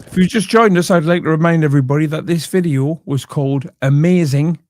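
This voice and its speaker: A man's voice: fairly high pitch, brisk, a little mellow, slight background noise. Dry, sarcastic male reaction host. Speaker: host commentating over a video. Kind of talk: reaction commentary.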